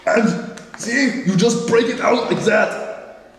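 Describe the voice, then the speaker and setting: A man with a high voice teaches hand woodworking, with a teasing, mock-macho sense of humor. He talks through each step of the demonstration. His voice rings around a big echoey hall, with steady noise behind it. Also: slow pace. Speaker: woodworking instructor. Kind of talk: hands-on workshop demonstration. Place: workshop.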